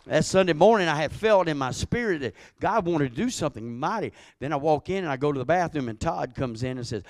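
A man preaching a sermon as pastor, calling out to his congregation and building to loud emphatic peaks. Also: medium pitch, a little fast, no echo, studio quality.

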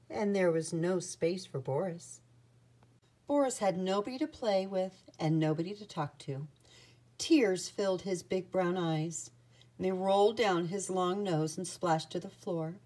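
A woman reading a children's picture book aloud with an expressive storytelling manner. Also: lowish voice.

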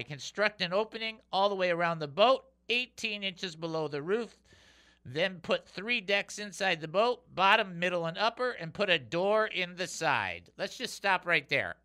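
A man's voice: high-pitched, normal speed. A man hosting a call-in radio show, joking around and reading Bible verses aloud. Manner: animated and joking, reads scripture aloud. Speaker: radio host.

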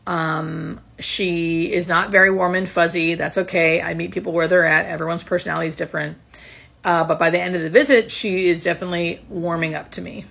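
A woman hospice nurse telling a story casually to her phone camera, reflective and soft-spoken, often trailing off at the ends of phrases. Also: fairly low pitch, steady tone, a little fast, gravelly.

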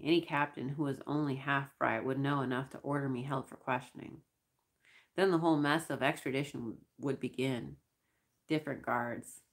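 A woman reading a science-fiction novel aloud in first-person narration, measured and wry. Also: very deep voice. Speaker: audiobook reader.

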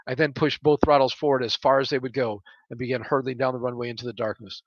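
A man reads aloud from his own book in first person. He raises his voice for the radio calls and drops to a murmur for inner thoughts. The recording is dry and a little dull, with a voice of middle pitch. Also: steady tone, quick pace, few pauses, no echo. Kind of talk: first-person story reading.

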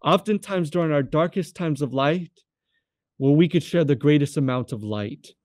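A young man with a high, light voice tells his faith testimony as a guest. He talks animatedly and acts out the people in his story. The sound is close and dry, with no room echo. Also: normal speed. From California. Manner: animated, acts out quoted voices, addresses the host by name often.

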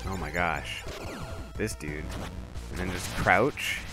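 A man streaming a video game live, excitably talking himself through boss fights and swearing often. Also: sits low, slow pace, over music. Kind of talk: live gameplay commentary.

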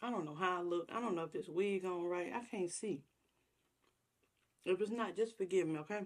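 A woman's voice: on the low side, moderate pace. A woman vlogger chatting casually to her viewers while eating a meal on camera, savoring each bite. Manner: chatty, talks while chewing, savoring food. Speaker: mukbang vlogger.

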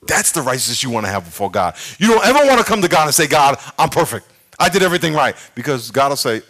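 A middle-aged man preaching a sermon as pastor, telling a story with shouted sound effects and playful, self-mocking humor. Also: medium pitch, sing-song, fast. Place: large church.

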